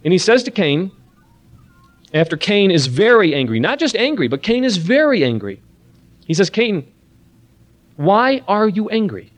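Man giving an earnest, animated sermon. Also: on the high side. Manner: earnest, animated preaching with a soft-voiced prayer. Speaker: seminar speaker. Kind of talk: Christian parenting seminar talk with prayer. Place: room with an audience.

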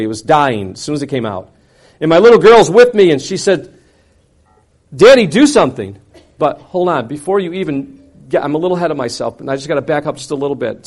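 A man preaching, telling a personal story in an animated way with wide swings between loud and quiet. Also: a little high. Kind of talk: sermon storytelling.

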